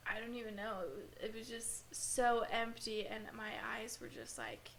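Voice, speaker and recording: A woman recounting a painful personal experience in an earnest, halting way, with many fillers. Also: a little high, steady tone, fairly bright tone, a little hiss or hum. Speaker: podcast guest. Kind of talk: emotional personal storytelling.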